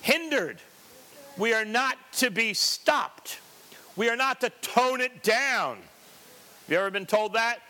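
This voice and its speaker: A man's voice: very high voice, lively intonation, slow pace, long pauses, sharp tone. A man preaching a sermon as a pastor, emphatic and repetitive, with joking asides.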